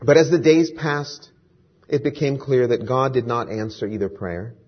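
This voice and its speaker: A male pastor delivers a sermon, praying and then telling a story with earnest drama. His voice is husky at a middle pitch. The recording is dull and lo-fi. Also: animated, moderate pace.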